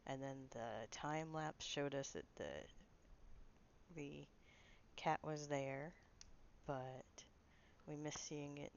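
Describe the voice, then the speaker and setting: Brief: a low-voiced woman streamer with a dull lo-fi mic, chatty and self-deprecating. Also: steady tone, slow pace, creaky, pauses often, slight background noise. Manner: apologetic, chatty, laughs at herself. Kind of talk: casual gameplay chat.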